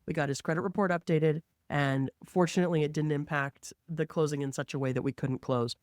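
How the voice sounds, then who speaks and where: A woman who works as a mortgage lender, telling a work story in an animated, conversational way and acting out the quotes. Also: sits low, fairly quick, no room sound, studio quality.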